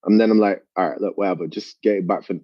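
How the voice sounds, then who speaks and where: A man's voice: low voice, steady tone, quick pace, no room sound. Man, casual storyteller, heavy swearing, slightly dull dry recording. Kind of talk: casual chat.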